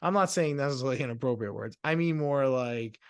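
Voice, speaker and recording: A man's voice: mid-range voice, fast, clear, resonant tone, no echo. A man hosting a podcast, asking long rambling questions full of fillers. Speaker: podcast host. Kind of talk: casual interview chat.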